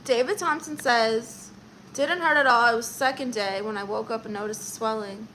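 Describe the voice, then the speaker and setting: A woman's voice: a little high, moderate pace, pushed and bright, slight background noise. A woman from Florida hosting a casual live stream, chatting playfully and reading viewer comments aloud. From Orlando, Florida.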